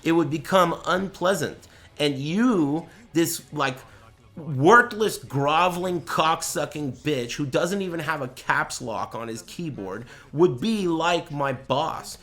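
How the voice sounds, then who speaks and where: A man's voice: fairly high pitch, slow, a bit bright. A man streaming, ranting and joking at length to his chat in a casual, profane, mocking way while watching a tournament. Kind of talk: casual livestream rant.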